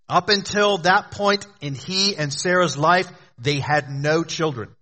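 Earnest man preaching a sermon. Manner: earnest, exhorting, drops low and quiet for emphasis. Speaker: pastor.

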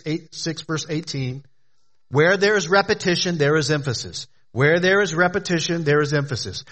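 A man with a high, fairly bright voice preaches a sermon as a pastor. His phrasing is emphatic and repetitive, and at times he addresses the children in the congregation directly.

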